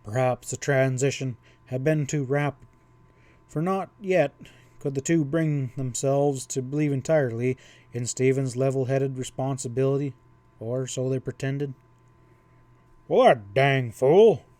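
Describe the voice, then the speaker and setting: A man reading a western novel aloud as an audiobook narrator, in a steady storytelling manner. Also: mid-range voice, normal speed, dry recording.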